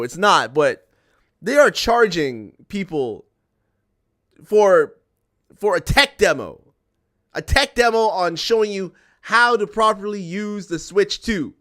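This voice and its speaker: A man's voice: high-pitched, sing-song, unhurried, pushed and bright. A young man streaming and chatting to viewers, ranting in an exasperated way, repeating himself and swearing. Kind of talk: ranting casual chat to viewers.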